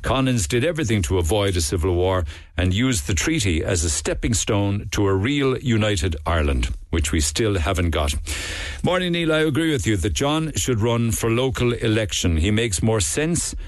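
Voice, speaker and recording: A man's voice: lowish voice, lively intonation, normal speed, dry recording. A man with a Cork accent hosting a radio call-in show, chatting and reading out listener texts in an amused way. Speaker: radio talk show host. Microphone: studio mic.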